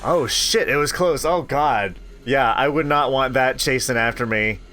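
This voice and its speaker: Expressive man reading a horror game. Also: medium pitch, a little slow, soft background music. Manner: expressive, reacts aloud, swears. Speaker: let's play host. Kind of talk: reading a horror visual novel aloud with commentary. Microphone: desktop microphone.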